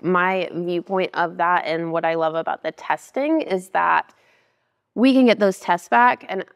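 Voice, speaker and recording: Low-voiced woman dietitian, reverberant room. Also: measured pace, gravelly. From Alaska. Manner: chatty, laughs easily, explains plainly. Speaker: dietitian and nutritionist guest. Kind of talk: casual interview chat.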